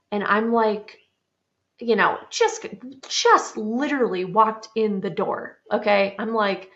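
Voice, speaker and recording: Gravelly-voiced woman podcast host, chatty. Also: mid-range voice, takes it slowly, a bit bright, muffled recording. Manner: chatty, frank, self-mocking storyteller. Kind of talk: casual storytelling monologue.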